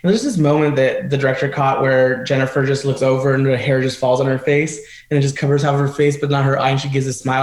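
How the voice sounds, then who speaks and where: Animated male guest in a roomy space. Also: medium pitch, fast talker, hardly any pauses. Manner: animated storyteller, playful mimicry. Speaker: guest actor. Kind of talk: casual film discussion.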